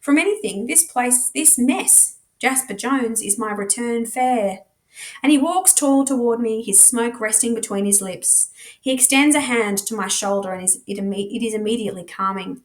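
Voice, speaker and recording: A woman with an Australian accent, a teacher reading a novel aloud with dramatic, expressive narration. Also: medium pitch, normal speed. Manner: dramatic, shifts voice and pace for characters.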